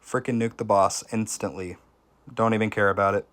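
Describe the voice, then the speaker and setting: A man streaming a game, giving casual gameplay commentary and chatting with viewers, with sudden excited reactions. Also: on the low side, fairly quick.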